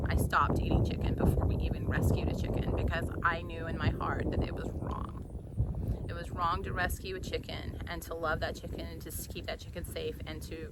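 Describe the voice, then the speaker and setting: A middle-aged woman, a mother who co-runs an animal sanctuary, talks in a casual, rambling and emotional way, full of restarts and small laughs. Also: fairly low pitch. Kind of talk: casual conversational chat. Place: farm sanctuary. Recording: loud background noise.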